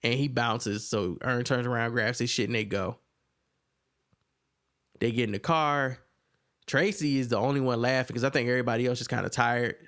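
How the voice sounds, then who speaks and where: A man recaps a TV episode in a loose, casual podcast chat. He has a mid-range voice that jumps much higher when he quotes the characters. His talk stays rambling and animated, full of restarts. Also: moderate pace, pauses often, clean tone. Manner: animated retelling, acts out characters' lines in a raised voice. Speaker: podcast co-host reviewing a TV episode.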